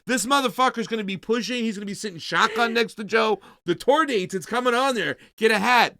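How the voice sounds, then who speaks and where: A man's voice: high-pitched, fairly quick, sharp tone, dry recording, studio quality. A man in his forties co-hosting a casual political chat show, profane and jokey, riffing on viewer comments. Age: 40s. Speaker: co-host.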